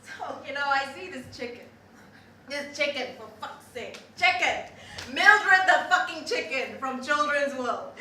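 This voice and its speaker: A woman playing a foul-mouthed young zookeeper rants a story in a high, sharp voice. Her talk is animated and laced with swearing. It is captured from far off in a very echoey hall with faint hiss. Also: measured pace, full character voice. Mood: ranting. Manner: ranting, profane, animated storytelling with laughs. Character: profane, restless young zookeeper ranting a story. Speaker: stage performer. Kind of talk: theatrical monologue.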